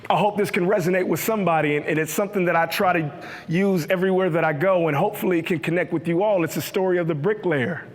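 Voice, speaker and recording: Energetic high-voiced male keynote speaker. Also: fast. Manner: energetic, leads call-and-response with the audience. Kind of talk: motivational keynote speech. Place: large hall with a live audience. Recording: echoey hall.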